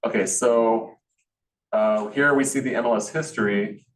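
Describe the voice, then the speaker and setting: A man's voice: medium pitch, steady tone, unhurried, roomy sound, recorded from a distance, low-quality recording. A man teaching a real estate class, thinking aloud and explaining calculations step by step with frequent restarts. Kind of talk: teaching a class, walking through numbers live.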